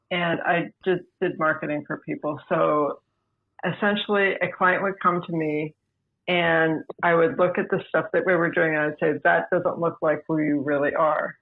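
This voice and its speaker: A woman, a podcast guest, telling her own story in a measured, deliberate way over a remote line. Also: fairly low pitch. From United States. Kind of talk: personal storytelling. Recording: tinny phone-like remote line.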